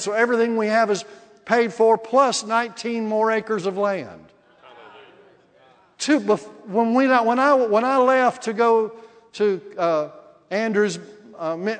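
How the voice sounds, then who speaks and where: An older male preacher with a high voice tells his testimony in a lively, animated way, often repeating and restarting his phrases. His voice carries a long echo through a big hall. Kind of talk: sermon with testimony.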